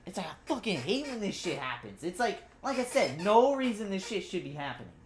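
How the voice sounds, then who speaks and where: A woman's voice: medium pitch, big pitch swings, fairly quick. A woman streaming a game live, chatting with viewers and swearing angrily at her equipment. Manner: frustrated, swearing, talking to chat. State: angry. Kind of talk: casual live-stream chat.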